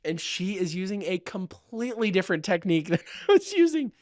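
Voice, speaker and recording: A man's voice: high voice, sing-song, a little fast, no echo, clean studio sound. A young man, a woodworking student, animatedly telling a story in a casual podcast chat and laughing often between sentences.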